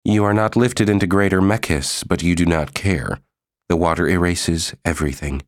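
A man voicing a weary, despairing woman in an audiobook, speaking in a quiet, heavy, brooding way. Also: sits low, steady tone, moderate pace, no room sound, studio quality.

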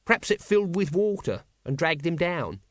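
A male narrator voicing a shifty, scruffy low-ranking guardsman in a storybook reading. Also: big pitch swings, normal speed, no echo, clean studio sound. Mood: grudging.

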